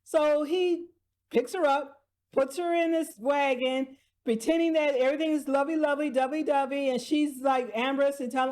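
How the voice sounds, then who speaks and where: A woman's voice: high voice, steady tone, fairly quick, a little mellow. A woman vlogger casually recapping TV dramas, chatty, laughing often and restarting her sentences.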